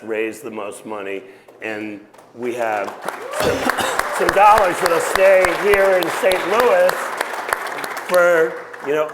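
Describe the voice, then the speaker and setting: A sports team executive speaking on an event panel before a live audience, measured and pausing with fillers. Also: male voice, medium pitch, noisy background. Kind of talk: speech on a panel. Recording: long hall reverb, crowd murmur.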